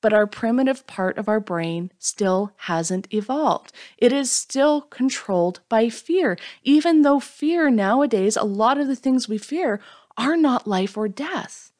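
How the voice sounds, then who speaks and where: A woman's voice: fairly high pitch, expressive, measured pace, darkish tone. A woman hosting a solo motivational podcast, talking frankly and upbeat, sometimes acting out her own doubting inner voice. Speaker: podcast host.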